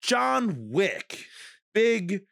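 A man co-hosting a podcast, chatting casually about a film with a lively, swinging pitch. He gets animated and laughs as he argues. The recording is dry and close, with little room sound. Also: extremely slow, vocal fry, no room sound. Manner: animated, laughs while arguing. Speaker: podcast co-host. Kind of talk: casual movie chat.

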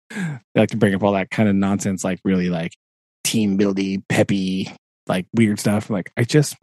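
A man's voice: fairly low pitch, animated, takes it slowly, pauses often, darkish tone, dry recording. A man co-hosting a podcast, venting in a rambling casual chat full of fillers and laughs. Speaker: podcast co-host.

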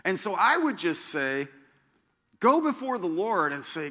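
A man's voice: high voice, very animated, normal speed, sharp tone. A middle-aged man preaching a conversational sermon as pastor. He rambles with self-deprecating asides and frequent restarts.

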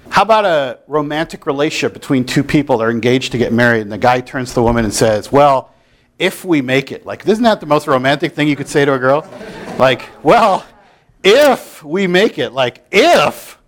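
Man, pastor, conversational sermon, playful and animated, slightly high voice. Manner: conversational, animated, mock-incredulous asides.

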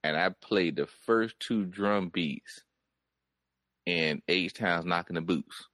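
A man in his thirties co-hosting a casual chat, rambling and halting but insistent. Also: low voice, fairly bright tone, dry recording.

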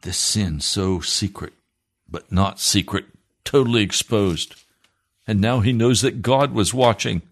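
Male preacher, sermon delivery, unhurried and emphatic, gravelly low edge, repeats lines for weight.

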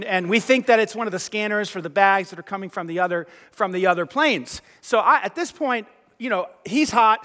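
A male pastor preaches in a high, bright voice. He tells a personal story with animated, self-mocking flair and plays out the dialogue himself. The sound carries a long hall reverb. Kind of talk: sermon storytelling.

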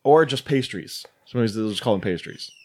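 A man's voice: lowish voice, a little fast. A man co-hosting a podcast, casually recounting film scenes with quoted lines, laughing often and swearing. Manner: animated, swearing. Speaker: podcast co-host. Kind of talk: casual chat reviewing a film.

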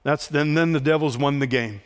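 Middle-aged male pastor, earnest sermon delivery, slightly higher voice, questions for the room. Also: normal speed. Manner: earnest preaching to a congregation, asks the room questions.

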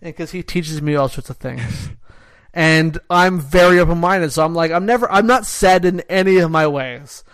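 A man's voice: fairly high pitch, normal speed, a bit bright, no room sound. A Canadian man co-hosting a podcast in casual, rambling chat, full of "like" and restarts. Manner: rambling, self-interrupting, frequent "like". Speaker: podcast co-host.

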